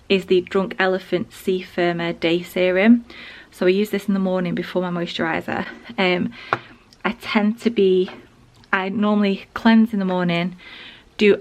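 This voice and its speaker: A young woman chatting casually in a vlog, a bit out of breath and rambling with many fillers. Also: lowish voice. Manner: rambling, full of fillers and restarts. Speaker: vlogger. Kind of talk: casual skincare vlog chat.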